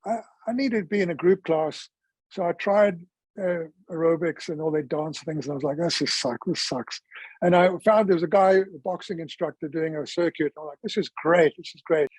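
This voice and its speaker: A man in his sixties talks through his life story in a relaxed interview, slipping into the voices of people he quotes. His voice sits high for a man. It is recorded close and dry, with no room sound. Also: normal speed, husky, no echo, low-quality recording. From South Africa. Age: 60s. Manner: chatty storyteller who acts out quoted dialogue.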